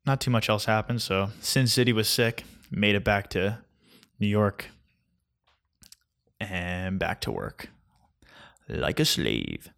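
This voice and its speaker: A man's voice: fairly low pitch, animated, slow pace, vocal fry, pauses often, fairly bright tone. A man in his twenties ranting casually about his weekend in a sarcastic, mocking way, with many fillers. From New Jersey. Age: 20s. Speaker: vlogger.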